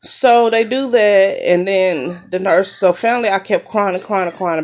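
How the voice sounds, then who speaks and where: A woman tells a personal story in a relaxed, chatty way. She slips into quick quoted lines to act out what each person said. Her voice sits at an everyday middle pitch. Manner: chatty, retelling events with quoted dialogue. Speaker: mom vlogger. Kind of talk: casual storytelling.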